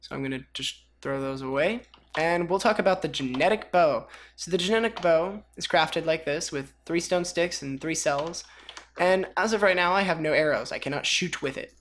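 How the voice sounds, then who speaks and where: A woman's voice: sits low, normal speed, a little hiss or hum. A woman casually walking through a game mod as a video host, chatty and rambling with self-mocking jokes. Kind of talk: casual mod tutorial commentary.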